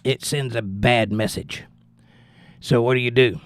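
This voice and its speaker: A man's voice: medium pitch, fairly even intonation, measured pace, no room sound. A man hosting a live stream, giving blunt, opinionated political commentary in a casual chat style and answering viewers. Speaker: livestream host reading chat.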